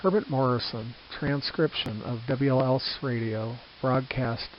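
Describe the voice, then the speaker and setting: An older man reading his own reflective book aloud, earnest and measured, with small restarts. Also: mid-range voice, fairly even intonation. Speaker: author narrating his book. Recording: slightly dull with faint hiss.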